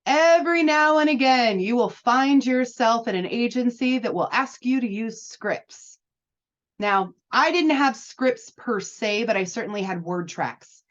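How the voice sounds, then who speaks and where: A woman's voice: a little high, lively intonation, a little slow. A woman coaching new insurance agents in a chatty, upbeat and encouraging way. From United States. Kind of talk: casual advice talk. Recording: slightly dull lo-fi audio.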